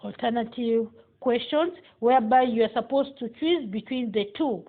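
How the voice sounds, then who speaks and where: Woman teaching on a tinny line. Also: a little high. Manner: slow, deliberate, stresses example sentences. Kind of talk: classroom lesson. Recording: tinny phone-like sound.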